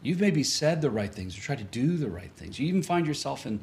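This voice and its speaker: Lively, animated storytelling male pastor. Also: medium pitch, a little fast, a little hiss or hum. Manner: conversational, restarts sentences, chuckles often. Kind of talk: storytelling sermon.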